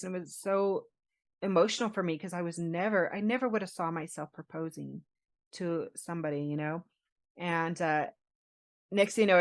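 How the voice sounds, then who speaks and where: A woman in her forties, a podcast co-host, telling a personal story in an animated, laughing way. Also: medium pitch. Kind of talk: casual storytelling chat.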